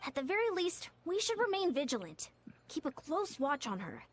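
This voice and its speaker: A woman voicing a cautious female military leader in a video game who speaks in a measured, articulate way. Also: sits high, sing-song. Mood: wary.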